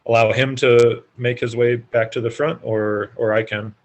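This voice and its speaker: A man's voice: mid-range voice, little pitch movement, normal speed, lo-fi sound. Stammering man playing a tabletop game. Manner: stammering, repeats words. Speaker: player. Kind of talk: casual tabletop game play.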